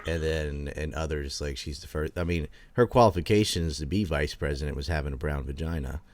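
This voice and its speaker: A man's voice: a bass voice, brisk, no room sound. A man in a casual political chat, making crude, mocking quips.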